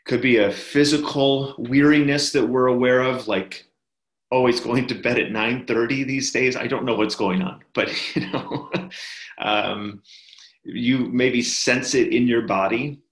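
A man giving a sermon as a pastor, talking in a slow, gentle, reflective way with many fillers and pauses. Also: mid-range voice, fairly even intonation. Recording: echoey room.

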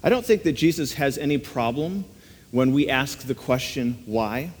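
A man's voice: medium pitch, lively intonation, normal speed, slightly rough. A man preaching a sermon in an earnest, conversational way, often turning statements into rhetorical questions. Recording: long reverb of a large hall.

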